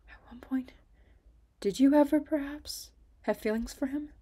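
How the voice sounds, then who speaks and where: A gentle young pirate captain, read by a woman. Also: high-pitched, a little slow, pitched above the performer's own voice. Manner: gentle, hushed.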